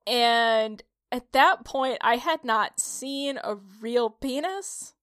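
A woman's voice: fairly high pitch, takes it slowly, a bit bright, no echo, studio quality. A woman from upstate New York co-hosting a podcast, telling rambling stories with lots of laughs. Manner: giggly, rambling storyteller. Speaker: podcast co-host. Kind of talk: casual chat.

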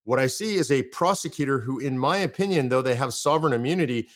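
A man's voice: mid-range voice, expressive, fast talker. A man from the United States hosting a political podcast, emphatic and fired up, driving his points home in runs of repeated phrases. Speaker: podcast host.

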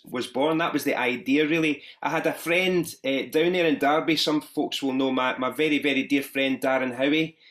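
A man's voice: mid-range voice, fairly bright tone. A man from Ayrshire with a Glaswegian accent, a pastor talking in a friendly, self-deprecating way on a video call panel. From Scotland, Ayrshire. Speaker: pastor and social enterprise founder. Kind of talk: conversational talk on an online panel.

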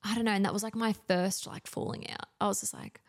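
A woman's voice: mid-range voice, fairly even intonation, quick pace. A woman in her thirties with an Australian accent, telling stories as a podcast guest in casual chat, full of fillers. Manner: chatty storytelling, many fillers.

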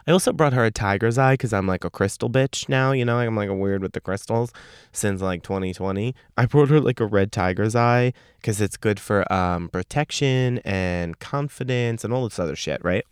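A man's voice: fairly low pitch, normal speed, clear, resonant tone, no room sound, studio quality. A man, hosting a podcast and telling a story in a brash, profane, sassy way. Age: late 20s. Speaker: podcast host. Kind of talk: casual storytelling monologue.

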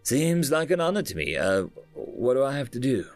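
A man's voice: mid-range voice, sing-song, normal speed, no echo, faint music behind, pitched above the performer's own voice, close to an everyday voice. A man voicing a young male acolyte who talks in a whiny, sing-song childlike way.

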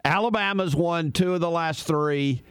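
A man's voice: on the high side, normal speed, clean tone, no echo. A man hosting a sports talk radio show, chatting with an opinionated, storytelling manner. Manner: opinionated storyteller, folksy asides.

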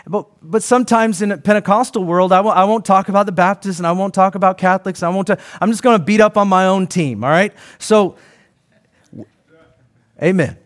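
Male pastor, high voice, conversational sermon delivery with asides and restarts. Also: brisk. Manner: animated, conversational preaching with frequent restarts and asides.

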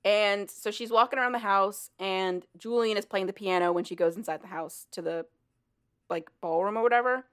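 A woman's voice: mid-range voice, normal speed, clean tone. A woman in casual chat, animatedly retelling a story with laughter and swearing.

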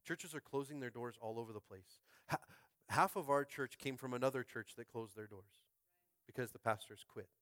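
A man preaches with fervor as the pastor of a small church. He drifts between soft, thoughtful musing and shouted climaxes, calling out to his congregation. His voice sits at a middle pitch and is captured dry and close. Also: moderate pace, no echo. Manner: fervent, swings from quiet musing to shouted climaxes; calls out to the congregation. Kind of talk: sermon. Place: school space used as a church.

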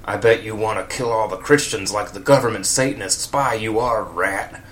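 A man's voice: lowish voice, normal speed, fairly bright tone, slight background noise, natural voice. A man voicing a male conspiracy radio host who rants in a hostile, snarling way.

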